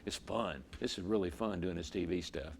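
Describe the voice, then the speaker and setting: Ex-racer, low-pitched, spins a long story for the interviewer, stumbling over words now and then. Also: male voice, moderate pace, slight background noise. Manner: vivid storyteller, repeats words when emotional. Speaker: interview guest, former racer turned broadcaster. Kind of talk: storytelling in a conversation.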